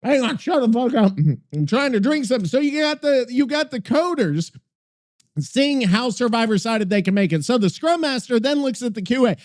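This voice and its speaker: A podcast host delivering a swear-laden rant about a game, acting out the people he talks about. His voice is high for a man and swings widely in pitch. The delivery is casual and loose. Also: moderate pace. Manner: animated swearing rant, acts out characters.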